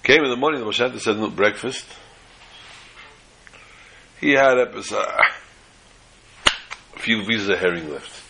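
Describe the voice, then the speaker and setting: A man telling a folk story in an animated way, slipping in Yiddish phrases. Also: on the low side, moderate pace, creaky, long pauses, slight background noise, rough recording.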